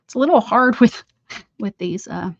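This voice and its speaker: Woman host, casual crafting chat, a bit high-pitched, mutters to herself as she works. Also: lively intonation, normal speed. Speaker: art livestream host. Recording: dull lo-fi audio with faint noise.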